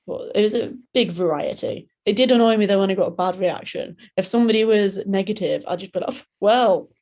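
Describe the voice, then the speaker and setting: A young British woman, a guest in a podcast interview, talking in a relaxed, chatty way and acting out other people's lines. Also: fast talker. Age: young adult. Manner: laid-back, chatty, acts out quoted voices with big pitch jumps. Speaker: guest, solo ocean rower. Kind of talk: casual interview talk.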